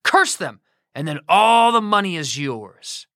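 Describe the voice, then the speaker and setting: An impatient, wicked king from a storybook, pushy and demanding, as a woman puts him on. His voice is bright and dry. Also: lowish voice, sing-song, unhurried, no room sound, pitched below the performer's own voice.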